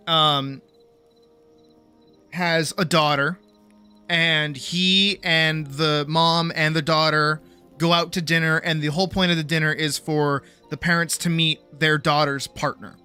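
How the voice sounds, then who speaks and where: A man's voice: on the high side, sharp tone, clear, resonant tone. A man streaming games and rambling through a story casually, full of fillers and swearing. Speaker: game streamer. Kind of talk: casual live-stream chat.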